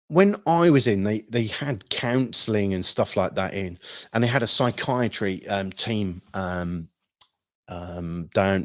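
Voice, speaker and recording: Middle-aged man, low-ish voice, rambling storyteller, swears freely, jumps into loud quoted bits; dry, close recording. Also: dry recording. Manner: rambling, swears freely, frequent ums and restarts; acts out shouted quotes with sudden bursts. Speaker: hypnosis trainer recounting military past. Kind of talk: casual storytelling talk.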